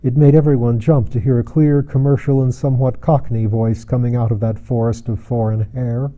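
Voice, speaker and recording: A man reading a novel aloud as a narrator, measured and steady, acting out the dialogue. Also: mid-range voice, narrow, tinny audio. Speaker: audiobook narrator. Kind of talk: scripted narration.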